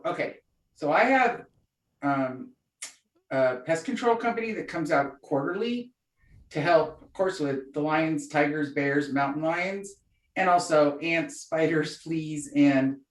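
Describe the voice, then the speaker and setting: A woman's voice: deep voice, measured pace. A woman co-hosting a podcast, telling a story in casual chat and acting out the voices of the people in it. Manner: chatty, animated storyteller, acts out quoted voices. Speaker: podcast co-host. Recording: echoey room, distant mic.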